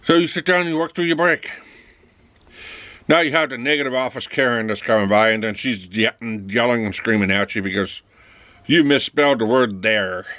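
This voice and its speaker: A man's voice: mid-range voice, moderate pace, fairly bright tone, dry recording. Man rambling about work, dry sound. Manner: rambling, plays both sides of dialogues. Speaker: vlogger. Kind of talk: casual monologue acting out office scenes.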